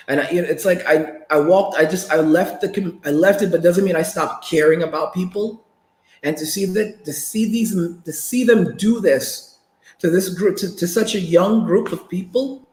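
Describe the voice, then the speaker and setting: A man's voice: fairly high pitch, a little fast, a little mellow, roomy sound. A man hosting a crypto channel live stream, ranting in an agitated way with many stammered restarts.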